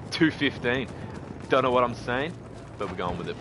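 An excitable man, chatting casually and swearing freely while streaming a game. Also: lowish voice, a little fast, pauses often, noisy background. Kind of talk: casual live-stream commentary. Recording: game gunfire under the voice.

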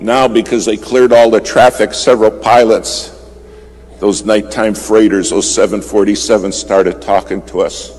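A man with a very low voice preaches at a church service, spinning a story with dramatic force. He climbs to urgent, ringing appeals, then drops to a hush, while soft music plays faintly behind him. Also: steady tone, normal speed. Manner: dramatic, swings from urgent and loud to hushed. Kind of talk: storytelling sermon.

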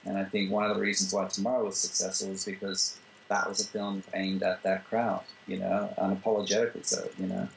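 A man from Australia talks through his views in an interview, with a low voice that rasps into fry. He speaks loosely and restarts often, leaning on fillers. A faint noise floor sits under the recording. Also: brisk, low-quality recording. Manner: relaxed, full of "you know" fillers and restarts. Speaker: screenwriter and director. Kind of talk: interview answers.

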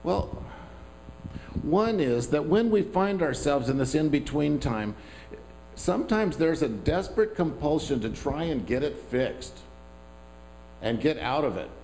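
A man's voice: fairly high pitch, lively intonation, unhurried, pauses often, a little mellow, slight background noise, low-quality recording. A man preaching a sermon as pastor, talking in a conversational, self-deprecating way with asides to the congregation.

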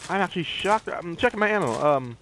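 A man commenting on his own gameplay, easily startled and thinking out loud as he plays. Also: high-pitched, lively intonation, fast talker, a little hiss or hum. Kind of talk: let's play commentary.

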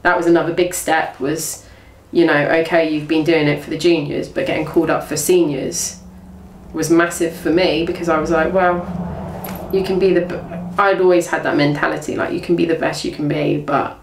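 This young Englishwoman, a former athlete, recounts her career in a casual interview using a deep voice with little pitch movement and a moderate pace. She often restarts and quotes others, and the recording is echoey, distant and faintly noisy.

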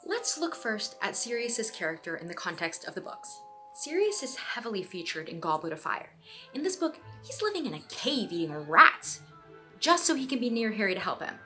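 A young woman hosting a scripted video essay, animated and playful, with quick asides to the viewer. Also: medium pitch, soft background music.

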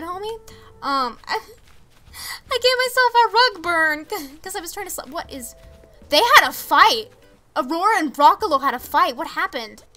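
Teen girl streamer, high bright voice, chatty, reads chat and reacts to game characters. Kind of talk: casual live-stream chat while gaming.

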